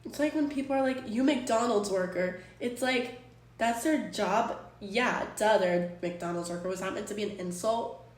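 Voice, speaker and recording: A woman's voice: mid-range voice, moderate pace. A woman streamer chatting casually, exasperated and rambling, swearing freely as she defends herself to her chat. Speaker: Twitch streamer. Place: apartment room. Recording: echoey room, distant from mic.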